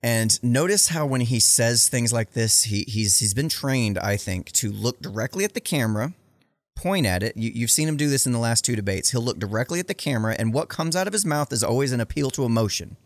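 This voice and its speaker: A man's voice: mid-range voice, animated, fairly quick, no echo. A man hosting a livestream, reacting bluntly and with profanity to debate clips in casual commentary. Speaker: livestream host.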